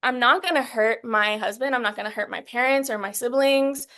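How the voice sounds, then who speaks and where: A fairly high-voiced woman in her thirties speaks as an interview guest. She talks in an earnest, halting way, restarting sentences often and at times growing emotional as she recounts hard memories. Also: pushed and bright. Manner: gets emotional while recounting.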